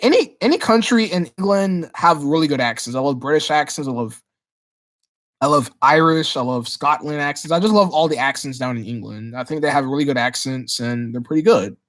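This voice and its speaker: Hosting a relaxed livestream Q&A, a man with a slightly high voice reads out questions from chat and replies with excitement, frequently restarting sentences and repeating words as he does.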